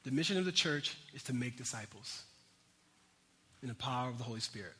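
A man's voice: medium pitch, expressive, brisk, sharp tone, long reverb tail, a little hiss or hum. A man preaching a sermon in a casual, conversational way, with frequent asides to his congregation. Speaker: pastor.

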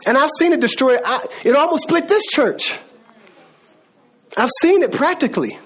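A male pastor preaches a sermon in an animated, conversational way. He swings from relaxed storytelling to sudden emphatic calls. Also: extremely high pitch.

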